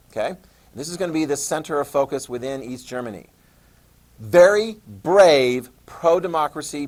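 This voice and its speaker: A man teaching a history lesson, telling events as a lively story, repeating key terms for note-taking and briefly mimicking leaders in quick voices. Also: mid-range voice. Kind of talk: classroom lecture.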